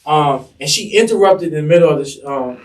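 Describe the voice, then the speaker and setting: A man's voice: on the high side, expressive, fast talker, recorded from a distance. A man, a fashion designer, telling stories as an interview guest and animatedly acting out the people he quotes. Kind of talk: casual storytelling interview.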